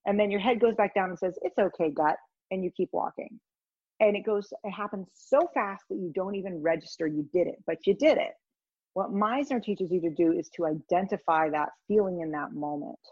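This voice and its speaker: A woman guest in an interview, telling stories in a rambling, animated way. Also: mid-range voice, brisk, breathy edge, no room sound, muffled recording. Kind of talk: conversational storytelling.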